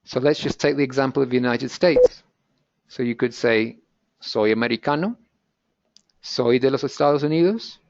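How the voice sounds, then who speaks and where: A man's voice: medium pitch, normal speed, gravelly, pauses often, a little mellow, dry recording. A man teaching a Spanish lesson in a webinar, explaining in a practical, conversational way with asides. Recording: dull, lo-fi webinar audio.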